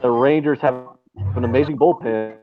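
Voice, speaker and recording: A man's voice: medium pitch, moderate pace, over music. A man co-hosting a casual sports betting chat, sarcastic and profane, ranting with heavy swearing over a remote call. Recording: tinny phone-like line, faint noise.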